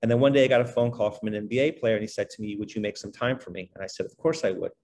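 A middle-aged man, a guest on a podcast, telling his life story in a relaxed, conversational way, filling his speech with "you know" and "like". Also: on the low side. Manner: animated, fast-flowing, many fillers like "you know" and "like". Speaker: podcast guest, basketball trainer.

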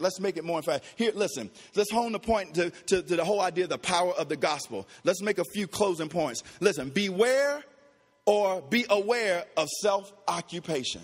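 A man preaching with a strikingly high voice. He drives his points home by repeating phrases, dropping into quiet low asides, then rising to shouted peaks. His words ring out with the long reverb of a church hall. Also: breathy edge. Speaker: pastor. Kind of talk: sermon.

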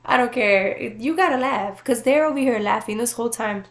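A woman giving a casual tarot reading to viewers, talking in an animated, playful way with swearing and frequent laughter. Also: fairly high pitch, moderate pace. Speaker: tarot reader.

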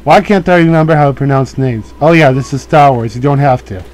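A man's voice: mid-range voice, a little fast, a little mellow, slight background noise, poor audio. A man giving casual, joking commentary while playing a video game, often laughing at himself. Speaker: let's play host.

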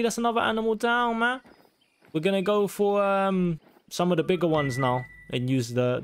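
A young man giving casual, sweary commentary on a hunting game and taunting the animals loudly. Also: fairly high pitch. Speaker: gaming YouTuber.

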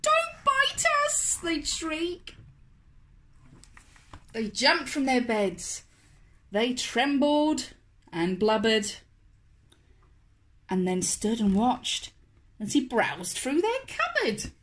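A woman, a children's author, reading a picture book aloud to toddlers in a slow, expressive, sing-song way. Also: fairly high pitch. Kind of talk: storybook read-aloud for toddlers.

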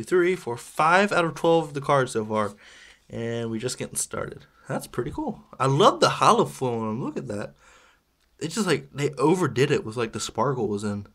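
A man with a slightly high, fairly bright voice chats casually while opening toy packs for a video. This toy unboxing vlogger rambles and jokes at his own expense, slipping in small laughs.

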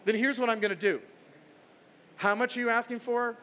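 A bright, high voice plays a stern old king with a big beard who questions sharply and lays down grand demands, as a speaker puts him on mid-talk. The delivery is imperious and clipped. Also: fairly even intonation, normal speed. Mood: grandly demanding.

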